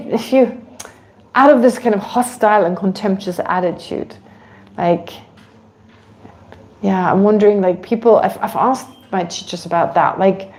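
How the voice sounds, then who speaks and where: A woman teaching a Buddhist class in a relaxed, conversational way, with many asides, restarts and light laughter. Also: mid-range voice. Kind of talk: relaxed online dharma class.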